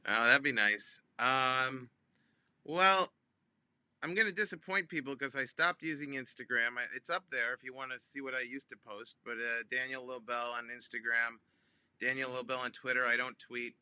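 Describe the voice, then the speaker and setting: A comedian, a man, telling a funny phone-call story in an animated way, with many ums and restarts, acting out both sides. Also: mid-range voice, moderate pace, clean tone, no room sound. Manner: acts out both sides of phone calls with big voice jumps. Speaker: comedian guest.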